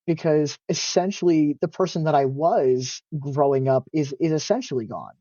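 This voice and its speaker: A young man with a mellow, relaxed voice, rambling through a casual interview with many fillers and self-corrections. He talks openly and laughs easily. The recording is dry and sounds dull and muffled. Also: a little high, normal speed, no room sound. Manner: open and emotional, laughs often. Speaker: guest.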